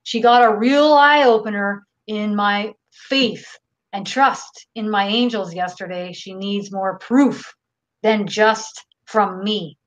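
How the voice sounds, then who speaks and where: A woman's voice: mid-range voice, slow. A Canadian woman hosting a live channeling session, reading viewer questions aloud in a casual, unfiltered way. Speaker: host.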